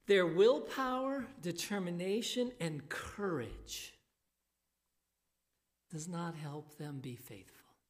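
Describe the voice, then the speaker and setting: A woman preaching a sermon in a church on a handheld microphone, slow and emphatic, turning animated when she voices the people in the passage. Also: lowish voice.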